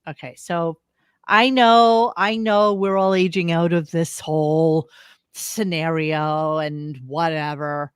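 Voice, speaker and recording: Smooth-voiced joking male podcast co-host. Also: a little high, fairly even intonation, slow, dry recording, clean studio sound. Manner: crude, joking, playful riffs. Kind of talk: casual chat reacting to radio clips.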